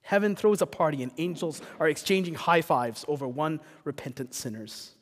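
A man's voice: on the high side, expressive, normal speed. A man preaching a sermon as pastor, earnest and rising to passionate rhetorical questions. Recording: long reverb of a church hall.

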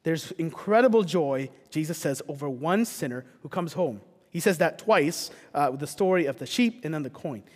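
A man's voice: fairly high pitch, expressive, moderate pace, hardly any pauses. A man preaching a sermon as pastor, earnest and rising to passionate rhetorical questions. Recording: long reverb of a church hall.

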